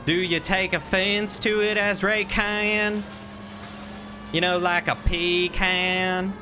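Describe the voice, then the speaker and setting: A man's voice: sits high, steady tone, slow, over music. A man streaming a detective game, chatting casually and joking in a mock southern drawl. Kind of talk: casual gameplay commentary.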